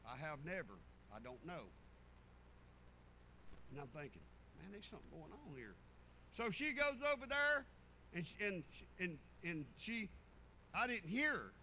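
A man's voice: high-pitched, very animated, a little slow, pauses often, pushed and bright, slight background noise, low-quality recording. An older man, preaching a sermon through a rambling, down-home family story full of restarts.

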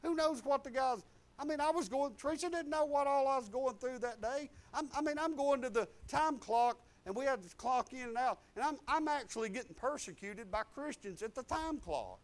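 A man, a preacher telling his own story in a folksy way that swings between loud and soft. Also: extremely high pitch, normal speed. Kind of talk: preaching testimony.

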